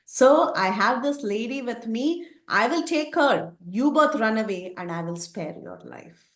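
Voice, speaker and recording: A woman's voice: on the high side, animated, measured pace, a bit bright, reverberant. A woman doing a ferocious boastful demon. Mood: menacing, boastful. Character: huge ferocious male demon, boastful and threatening.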